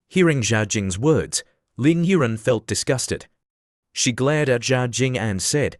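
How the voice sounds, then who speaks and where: A man narrating an animated story recap in a steady, scripted reading. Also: mid-range voice, slow, no room sound, clean studio sound.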